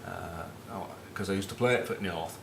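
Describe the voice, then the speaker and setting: A middle-aged former rugby captain from northern England, with a Northern English accent, rambles through cheeky, sweary match talk and anecdotes in casual rugby chat. His deep, creaky voice moves at normal speed. The room echoes and the background is noisy.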